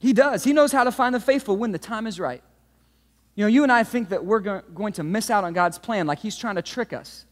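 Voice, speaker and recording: Pastor, male, 30s, animated storyteller, high voice, big reverberant room. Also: fairly quick. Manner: animated storytelling, swings from hushed to shouting. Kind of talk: sermon. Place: church auditorium. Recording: long hall reverb.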